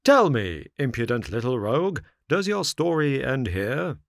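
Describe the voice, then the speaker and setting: A man voicing a greedy grown man who buys a puppet, with a gruff, indignant manner. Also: medium pitch, very animated, a little slow, no room sound, studio quality, voice pushed up. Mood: demanding.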